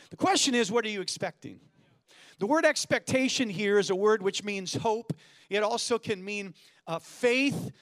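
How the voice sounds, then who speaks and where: A middle-aged man from California preaching a sermon as a guest pastor, energetic and joking, calling for amens. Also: high voice.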